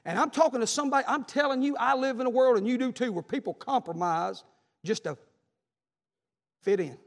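A man's voice: extremely high pitch, fairly quick. A man preaching a fiery sermon, repeating lines with emphasis. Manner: Southern preacher cadence, repetitive and emphatic, acting out quoted voices. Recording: echoing hall.

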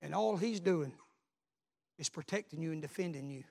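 A man, a pastor preaching a sermon, telling a story and then building to loud repeated calls. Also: on the high side, moderate pace, gravelly.

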